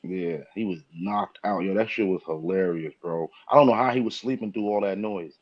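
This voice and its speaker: A man's voice: sits low, normal speed. A man with a mid-range voice trades blunt, slangy remarks in a loose conversation. His sound is slightly dull, as if recorded with a modest mic. He talks in short, punchy bursts. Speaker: podcast co-host. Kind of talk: casual chat.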